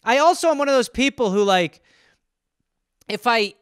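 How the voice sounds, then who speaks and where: A man's voice: very high-pitched, lively intonation, normal speed, fairly bright tone, smooth, dry recording, studio quality. A man hosting a solo comedy podcast, riffing in a profane, rambling, conversational way. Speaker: podcast host.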